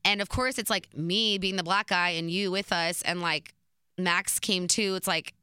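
Woman, young adult, casual storytelling, animated, smooth clear voice. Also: on the low side, moderate pace, no room sound, studio quality. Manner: chatty, filler-heavy, animated retelling. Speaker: vlogger.

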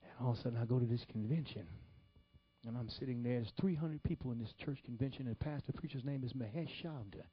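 A man preaching a sermon, telling stories with animated swings between loud exclamations and hushed whispers. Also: mid-range voice, fast talker, slightly rough, no echo, dull audio. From Detroit, Michigan. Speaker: pastor. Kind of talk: sermon storytelling.

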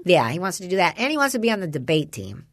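A woman's voice: lowish voice, fast, no room sound. Chatty woman with dry close sound. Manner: rambling storyteller, quotes her son in lively voices, swears casually. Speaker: parent chatting with a friend. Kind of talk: casual chat.

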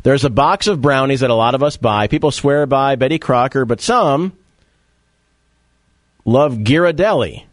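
A man's voice: mid-range voice, a little slow, pauses often, no room sound. Joking male radio host, dry studio sound. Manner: joking, quizzing his co-host. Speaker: radio sports talk host. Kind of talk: casual radio chat.

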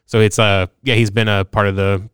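A man's voice: on the low side, flat delivery, brisk, a bit bright, clear, resonant tone, dry recording, studio quality. A man co-hosting a podcast, chatting casually and rambling with lots of fillers and crude jokes. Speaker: podcast co-host. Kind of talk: casual chat.

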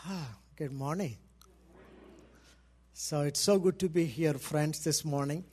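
A middle-aged man from India speaks with an Indian accent, addressing a church congregation. His voice sits a little high and he talks with fervor, repeating key phrases for emphasis. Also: takes it slowly, a little mellow, slight background noise. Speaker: missionary pastor.

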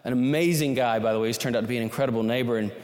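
Before a live audience, a man tells a long personal story, rambling, self-deprecating, and restarting often. His mid-range voice is a little mellow with fairly even intonation, and he speaks rapid-fire, with a long hall reverb on the recording.

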